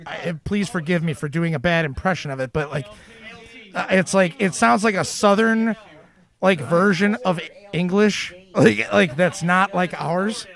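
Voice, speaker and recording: A man's voice: high voice, a little slow, gravelly, fairly bright tone. A man co-hosting a casual radio chat, playfully trying out accents.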